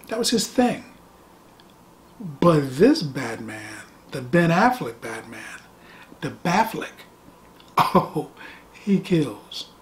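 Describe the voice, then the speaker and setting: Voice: medium pitch, slight background noise. A middle-aged movie reviewer talking casually and animatedly, with sarcastic asides and phrases repeated for effect.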